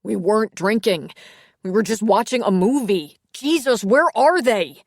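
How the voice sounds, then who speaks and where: A woman's voice: mid-range voice, expressive, measured pace, gravelly, no room sound, studio quality, pitched above the performer's own voice. A woman voicing a stammering frantic teen boy. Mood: panicked. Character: panicked seventeen-year-old boy.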